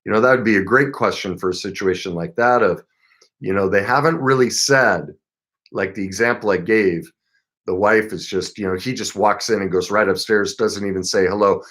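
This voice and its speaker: A middle-aged man with a fairly low voice coaches listeners on how to give advice. He talks earnestly and leans hard on key points. He slips into short acted-out exchanges to make his point. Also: normal speed, fairly bright tone. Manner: earnest, emphatic, acts out example dialogue. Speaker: relationship coach. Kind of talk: advice talk to camera.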